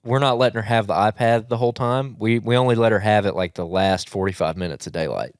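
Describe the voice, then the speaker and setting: A man's voice: on the low side, quick pace, dry recording, studio quality. A man, co-hosting a hunting podcast in casual chat, telling stories in a laid-back way with frequent restarts. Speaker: podcast co-host.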